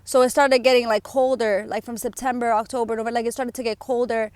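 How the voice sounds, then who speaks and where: A woman's voice: fairly high pitch, level tone, fast, a little mellow, no echo. A young woman vlogger telling a personal story in a candid, emotional way, full of fillers like "like" and "you know", tearful at times.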